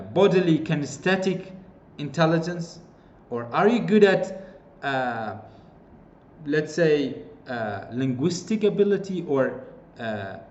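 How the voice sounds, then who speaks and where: A Kurdish-accented man teaches English skills, repeating examples and filling pauses with "uh". His fairly high voice moves a lot in pitch. The recording is roomy and a bit muffled. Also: darkish tone, a little hiss or hum. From Kurdistan region of Iraq. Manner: explains with repeated examples, frequent fillers. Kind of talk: online lecture.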